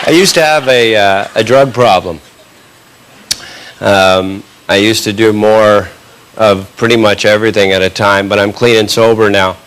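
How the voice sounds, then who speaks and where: A man from Canada doing a stand-up comedy set, telling stories and acting out the people in them with quick quoted lines. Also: on the low side, steady tone, fairly bright tone. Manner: storytelling, acts out characters in quick quotes. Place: comedy club stage with audience laughter. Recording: live club recording with background noise.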